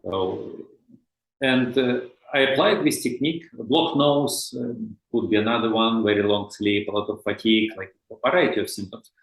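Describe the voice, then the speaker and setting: A man from Russia with a heavy Russian accent, a guest expert talking in a podcast interview, halting and full of fillers. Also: fairly low pitch, gravelly, reverberant, rough recording. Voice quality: hesitant, many fillers and restarts.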